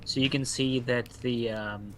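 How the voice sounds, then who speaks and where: A man's voice: medium pitch, steady tone, a little slow, slight background noise. A man narrating a tabletop game as game master, in a loose, rambling way full of fillers.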